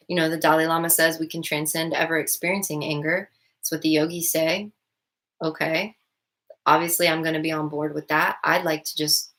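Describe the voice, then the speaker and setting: Low-voiced woman musing casually. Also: a bit bright. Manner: rambling, many "like" fillers and restarts. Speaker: vlogger and stepmom. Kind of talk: casual reflective monologue.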